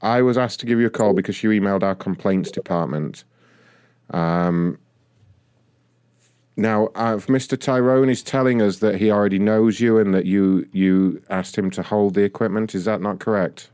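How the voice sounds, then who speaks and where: A man with a fairly low voice plays a rude support agent on a prank call. He rants, swears and hurls insults at the caller. His voice is close-miked and dry. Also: fairly even intonation, normal speed, a little mellow, clear, resonant tone, no echo. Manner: aggressive, insulting, ranting. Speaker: prank caller posing as customer service. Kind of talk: prank phone call comedy.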